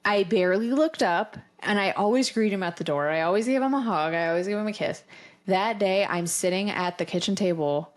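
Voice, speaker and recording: A woman hosting a relaxed podcast chat, telling her story frankly and with lively energy. She acts out bits of dialogue and swears now and then without much thought. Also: medium pitch, a little fast. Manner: candid, animated storytelling with quoted dialogue; swears casually. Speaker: podcast host. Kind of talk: casual chat.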